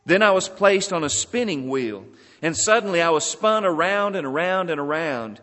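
A man with a slightly high, somewhat bright voice and lively intonation talks at a moderate pace, voicing a small clay teacup. The teacup pleads and cries out in distress while being shaped and fired, suffering at first and then amazed. A long hall reverb surrounds the recording.

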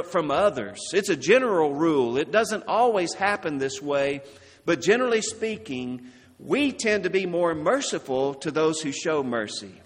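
A man preaching a sermon, slow and deliberate, dropping his voice low and soft on key words. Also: big-room sound.

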